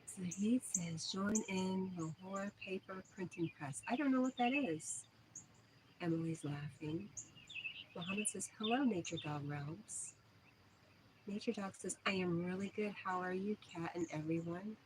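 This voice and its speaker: A woman's voice: lowish voice, a little slow. A woman hosting a casual outdoor livestream, reading viewer comments aloud in a chatty, friendly way. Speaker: livestream host. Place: back porch outdoors at evening. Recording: outdoor noise with birds. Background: birdsong and outdoor ambience.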